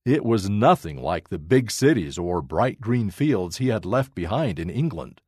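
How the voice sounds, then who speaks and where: A man narrating a children's story aloud with expressive, dramatic pacing. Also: fairly low pitch, measured pace, few pauses, no room sound, clean studio sound.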